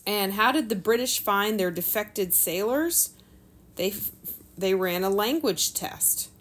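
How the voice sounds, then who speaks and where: A woman's voice: mid-range voice, animated, unhurried. A woman from North Carolina with a Southern American accent, reading a history book aloud to her children and stopping to explain and joke along the way. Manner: conversational, breaks off to explain and joke.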